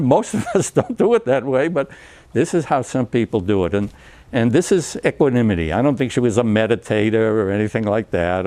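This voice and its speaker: A man's voice: mid-range voice, a little mellow. An older man giving a chatty talk, full of fillers and restarts, acting out dialogue and chuckling between points. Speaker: speaker giving a talk on recovery therapy. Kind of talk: anecdotal lecture to a group. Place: lecture room.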